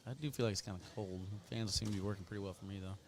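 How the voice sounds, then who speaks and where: A man's voice: lowish voice, steady tone, rapid-fire, background noise. A man giving casual, chatty play-by-play commentary on a cornhole match, joking with his co-host.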